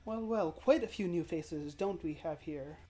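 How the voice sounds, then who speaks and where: A woman voicing a polished, scheming vampire clan leader who speaks in a smooth, measured way. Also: on the low side, mellow, soft background music.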